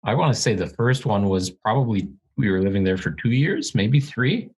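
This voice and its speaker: A man's voice: fairly low pitch, expressive, normal speed, a little mellow, husky, low-quality recording. A man co-hosting a real estate podcast, talking in a heated, blunt, ranting way with some swearing. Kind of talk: casual podcast chat. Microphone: studio podcast microphone.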